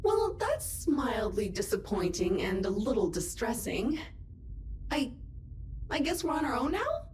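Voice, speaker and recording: A woman's voice: on the high side, sing-song, a little slow, darkish tone, slight background noise. A woman voicing a cheery AI assistant in a video game, chirpy and helpful. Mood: chipper. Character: cheery female AI assistant of a space habitat.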